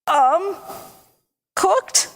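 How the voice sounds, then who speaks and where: A woman's voice: very high-pitched, expressive, very slow, long reverb tail, voice pushed up, full character voice. A woman voicing a hesitant, polite young prince in a told folk tale.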